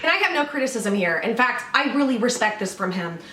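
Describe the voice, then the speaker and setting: A woman's voice: on the high side, sing-song, fairly quick, bright, forceful tone. A woman giving casual, blunt reaction commentary, swearing freely. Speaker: commentary vlogger reacting to a video. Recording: echoey room, distant mic, faint background noise.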